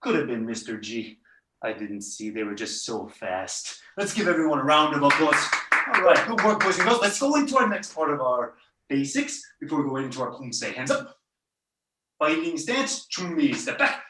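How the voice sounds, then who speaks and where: A taekwondo instructor leading a belt test over a video call, barking counts and commands and letting out loud yells, recorded in a studio. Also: mid-range voice, animated, moderate pace, slight background noise. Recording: roomy echo, far from the mic.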